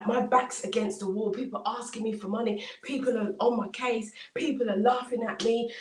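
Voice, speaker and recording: A woman's voice: on the high side, steady tone, brisk, darkish tone, slight background noise, close to an everyday voice. A woman voicing a despairing, struggling male farmer who pleads in repeated laments. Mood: desperate. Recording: roomy, distant mic.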